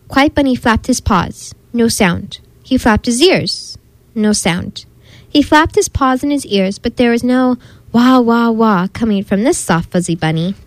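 A woman with a high voice reads a children's picture book aloud, gentle and expressive, playfully imitating animal sounds as she goes. The recording is dry and close, with no room sound. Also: dry recording, poor audio. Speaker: storybook reader.

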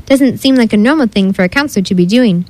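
A very serious young boy detective lays out the facts with officious suspicion, as a woman narrator puts him on. The voice is slightly high and dry, recorded close. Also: fast talker, darkish tone, dry recording, lightly acted, low-quality recording.

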